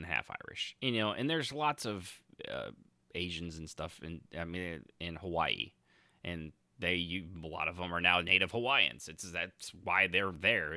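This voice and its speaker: A man in his thirties, low-pitched but bright in tone, hosting a podcast in a loose, sarcastic ramble. His pitch swings widely as he restarts sentences and piles on fillers. The sound is close and dry. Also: dry recording. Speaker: podcast host. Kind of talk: casual commentary.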